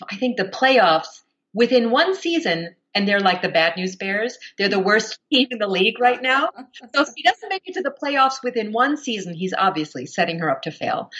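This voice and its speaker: A woman audiobook narrator, a guest on a podcast, telling stories in a lively, chatty way and laughing often. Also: medium pitch. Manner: animated storytelling with frequent laughs. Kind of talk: casual podcast interview.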